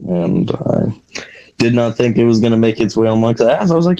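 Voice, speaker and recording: A man's voice: mid-range voice, wildly swooping pitch, moderate pace, creaky, warm tone, muffled recording. A man, a wrestler guest on a podcast, chatting in a laid-back way and laughing easily. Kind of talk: casual podcast chat.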